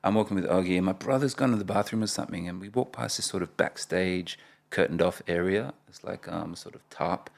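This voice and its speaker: A man in his forties, a rapper guest in a casual interview, telling animated stories and laughing often. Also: deep voice, brisk, vocal fry. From Australia (Perth).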